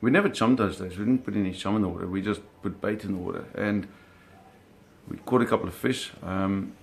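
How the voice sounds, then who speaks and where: Guy telling a story, gets animated, kinda low and gravelly voice. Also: fairly quick, slight background noise. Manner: animated, vivid storytelling with frequent restarts. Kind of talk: personal storytelling.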